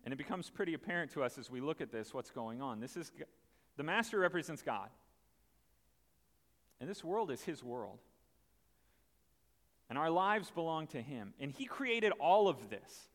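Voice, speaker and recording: Animated preacher with a lively voice. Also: male voice, a little high, normal speed, pauses often, big-room sound. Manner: animated, conversational, acts out the story. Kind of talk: sermon.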